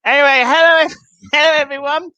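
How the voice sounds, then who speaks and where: A man's voice: very high voice, steady tone, brisk, sharp tone, dry recording, highs cut off. A young English man doing a self-mocking stand-up set online, acting out little voices in his stories. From England. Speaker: stand-up comedian.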